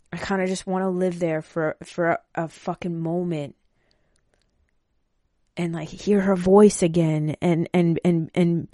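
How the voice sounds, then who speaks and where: Woman rambling emotionally, swears a lot, kinda low voice, dry close mic. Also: dark tone, no echo. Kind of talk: casual personal talk.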